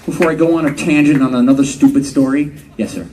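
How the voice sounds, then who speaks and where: A man's voice: mid-range voice, steady tone, fast talker, hardly any pauses, distant mic, over a noisy crowd, heavy background noise. A middle-aged male singer telling stories to fans at a convention panel, joking, laughing and swearing casually. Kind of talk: live fan Q&A storytelling.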